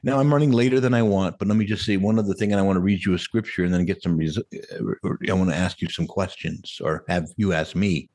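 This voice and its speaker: A man preaching a sermon as a Catholic priest, animated and conversational, with frequent rhetorical questions to the congregation. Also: low-pitched, fast talker, hardly any pauses.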